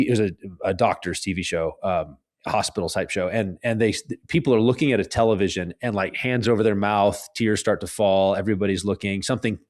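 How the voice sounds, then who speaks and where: Man, fairly low voice, guest author, earnest, animated, restarts his sentences. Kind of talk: conversational interview.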